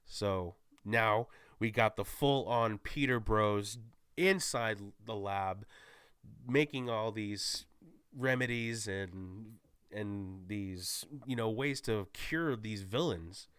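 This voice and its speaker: A man giving a casual, excited spoiler recap as a movie reviewer, rambling and correcting himself as he goes. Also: fairly low pitch, takes it slowly, smooth, dry recording.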